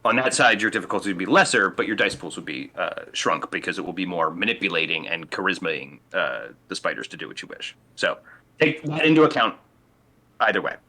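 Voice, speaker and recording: Bright-voiced man running a tabletop game. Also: low-pitched, sing-song, brisk. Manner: explains rules patiently with many fillers. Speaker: game master. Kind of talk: narrating and explaining a tabletop game.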